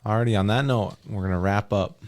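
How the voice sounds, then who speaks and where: Podcast host, male, low voice; relaxed, informal, a bit hesitant. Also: fairly quick. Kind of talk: casual podcast chat.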